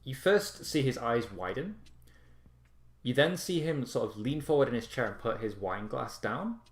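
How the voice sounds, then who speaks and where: A man narrating as game master in a relaxed way with many fillers. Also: mid-range voice, normal speed. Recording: echoey room.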